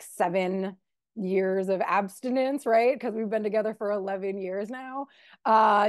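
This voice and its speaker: A woman in her forties telling her recovery story at a twelve-step meeting, candid, animated and emotional. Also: fairly high pitch, no room sound, clean studio sound. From Chicago area. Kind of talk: personal share at a recovery meeting.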